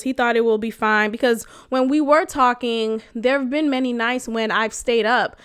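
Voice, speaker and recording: A woman podcast host telling a personal dating story to her listeners, blunt and animated, swearing freely and laughing as she talks. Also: on the high side, clear, resonant tone.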